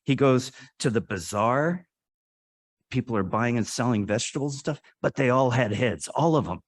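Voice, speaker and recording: A man giving a sermon to a congregation, telling a story earnestly, with dramatic rises and hushed drops. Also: medium pitch, normal speed. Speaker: guest speaker at a congregation. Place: worship service hall.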